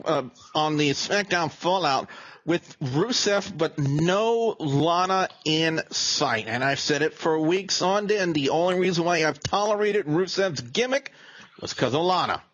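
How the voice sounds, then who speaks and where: A man hosting a casual podcast, giving a steady recap of a wrestling show. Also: on the high side, poor audio.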